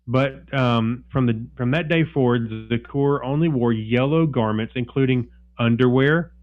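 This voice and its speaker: A male podcast co-host reads a news story aloud in casual chat, stumbling over restarts and fillers. His voice sits at a middle pitch, and the audio is dull and lo-fi. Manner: halting, many fillers and restarts.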